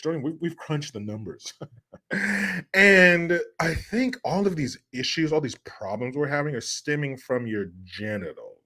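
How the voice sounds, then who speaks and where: A man voicing a scheming celebrity stepmother who talks in a coaxing, sing-song sales pitch. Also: fairly bright tone.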